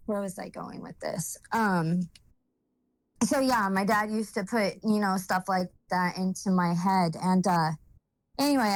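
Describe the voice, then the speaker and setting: A young woman speaks in a mid-pitched voice, halting often as she searches for words. She sounds emotional and close to tears as she shares her story. The sound is dry, with no room echo. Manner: emotional, holding back tears. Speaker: vlogger telling her life story. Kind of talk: personal testimony, casual monologue.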